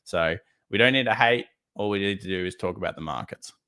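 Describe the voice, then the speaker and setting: A man's voice: low-pitched, brisk, bright, forceful tone, smooth. An Australian man hosting a live trading stream, giving blunt, casual market commentary and answering chat questions. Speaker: trading livestream host.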